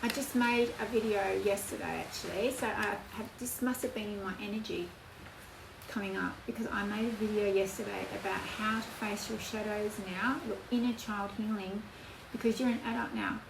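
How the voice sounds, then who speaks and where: A woman giving a spoken tarot reading in an earnest, emotional way, with slow emphatic phrasing. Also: mid-range voice, steady tone, gravelly. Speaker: tarot reader. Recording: echoey room, voice from off-mic, background noise.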